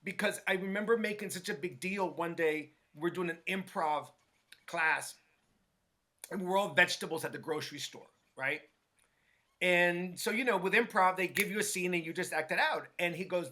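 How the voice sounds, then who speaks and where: Bright, high-voiced animated male storyteller. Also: moderate pace. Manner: animated, acts out quoted voices, frequent "right?". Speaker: guest, hair stylist. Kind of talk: casual storytelling interview.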